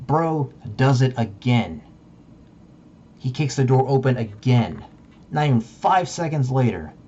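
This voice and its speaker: A man's voice: medium pitch, dark tone. A young man telling a casual, rambling story, swearing often and saying "like" a lot. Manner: rambling, profane, heavy use of "like". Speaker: vlogger. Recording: muffled lo-fi with faint background noise.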